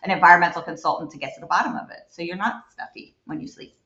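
Chatty lady telling stories, bright sharp voice, kinda echoey dull recording. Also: on the low side, very fast. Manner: animated, chatty, many fillers and likes. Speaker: home environmental investigator. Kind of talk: guest storytelling in a chat. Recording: roomy, dull lo-fi sound.

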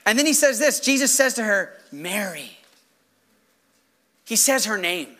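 Male pastor preaching; very high, bright, lively voice; rhetorical and animated. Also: fairly quick. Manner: animated, rhetorical questions, acts out quoted voices. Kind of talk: sermon.

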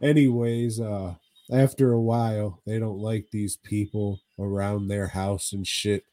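Male podcast co-host, slow drawl, foul-mouthed rambling movie recaps. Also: on the low side, flat delivery, warm tone, dry recording. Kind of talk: casual movie recap chat.

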